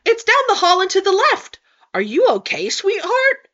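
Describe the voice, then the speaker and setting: A woman's voice: very high voice, wildly swooping pitch, normal speed, a bit bright, pitched above the performer's own voice, exaggerated voice. A woman voicing a restaurant waitress with a sugary, strained customer-service politeness. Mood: concerned. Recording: dull lo-fi recording.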